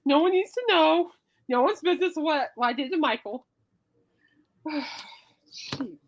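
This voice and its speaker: A woman's voice: high voice, animated, unhurried. A woman hosting a podcast in casual chat, playful and teasing, rambling from joke to joke. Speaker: podcast host.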